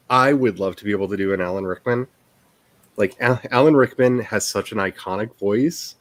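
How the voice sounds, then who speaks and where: A man's voice: fairly low pitch, normal speed, no room sound. A man who writes books, hosting a casual stream chat in a rambling, self-deprecating way and laughing often.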